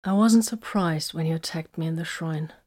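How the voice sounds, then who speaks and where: A woman's voice: low-pitched, normal speed, a little mellow. A woman reading a bitter, wounded woman warrior. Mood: hurt. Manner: hurt, confessional, emotional. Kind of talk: audiobook character reading.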